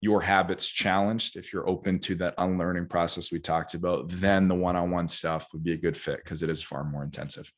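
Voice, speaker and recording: A man with a very low voice speaks as a guest nutrition coach on a podcast interview. He talks energetically and emphatically, breaking into animated asides. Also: brisk, hardly any pauses.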